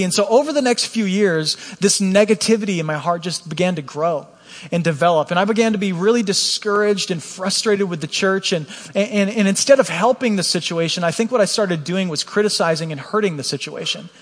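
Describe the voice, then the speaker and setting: Guy preaching his own story, high voice, candid and earnest, long church hall echo. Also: brisk. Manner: candid, earnest, with frequent restarts. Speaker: pastor. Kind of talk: personal testimony sermon.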